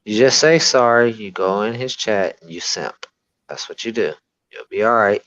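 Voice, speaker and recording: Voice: medium pitch, moderate pace, fairly bright tone, dry recording. A wisecracking panel guest on a livestream, speaking in a teasing way. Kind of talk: casual livestream chat. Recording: dull, dry lo-fi mic.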